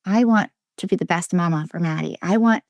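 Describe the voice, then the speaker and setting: A woman from Minnesota, a guest and relationship coach, telling her personal story in an interview. She speaks earnestly and emphatically, restarts often, and drops to a soft near-whisper at heavy moments. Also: lowish voice, a little fast, no room sound, studio quality. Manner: earnest and emphatic, with frequent restarts and quoted inner voices.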